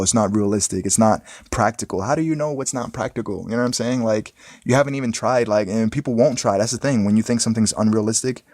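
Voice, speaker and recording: Young male vlogger, low voice, dry close phone sound, loose, repetitive motivational talk. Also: a little mellow, no echo. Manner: rambling, repeats "you know what I'm saying". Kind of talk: casual motivational monologue. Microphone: smartphone.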